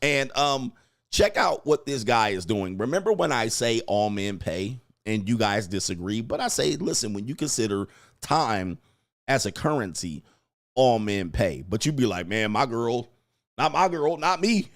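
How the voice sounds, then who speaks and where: A man's voice: fairly low pitch, expressive, moderate pace. A man coaching and commenting on clips in a crude, mocking way, laughing often. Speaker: dating coach.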